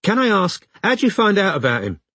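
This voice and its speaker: A man's voice: high voice, wildly swooping pitch, fairly quick, bright, forceful tone, breathy edge, no room sound, pitched above the performer's own voice, full character voice. A man voicing a suspicious, belligerent woman with a London accent, firing curt questions down a phone line. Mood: wary.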